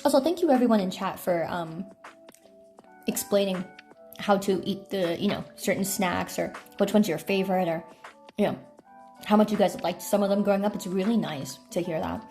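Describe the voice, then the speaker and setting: A woman's voice: medium pitch, moderate pace, mellow, faint music behind. A young American woman from California chatting casually on a phone livestream while tasting snacks, with offhand swearing. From California, USA. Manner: chatty, talks to chat between bites, swears casually.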